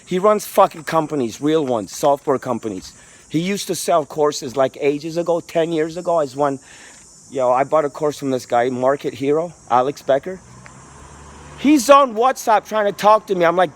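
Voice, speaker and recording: A man's voice: a little high, animated, moderate pace. A man vlogging outdoors on a residential street into a handheld phone, talking in a rambling, profane, street-casual way. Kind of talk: casual walking vlog rant.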